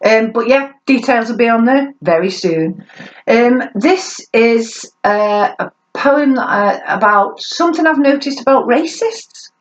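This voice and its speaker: Woman poet, sardonic spoken-word delivery, unhurried, dull lo-fi recording. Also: a little high. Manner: sardonic, animated delivery with laughs. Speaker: performance poet. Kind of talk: spoken word poetry performance.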